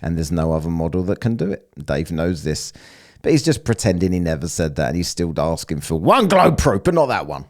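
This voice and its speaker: A man's voice: sits low, sing-song, a little fast. A man giving sarcastic, profane commentary on a clip he is reacting to. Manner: mocking, profane, sneering.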